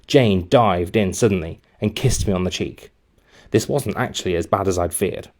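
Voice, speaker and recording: A man, a teacher reading a children's book aloud in a lively way. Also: low-pitched, moderate pace. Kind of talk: storybook narration.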